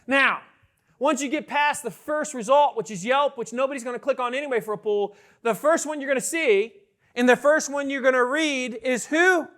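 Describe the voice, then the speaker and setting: A man with a strikingly high, bright voice delivers a keynote to a big conference audience. He talks with energy and keeps throwing questions at the crowd. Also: normal speed. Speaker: keynote speaker. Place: large conference hall with an audience.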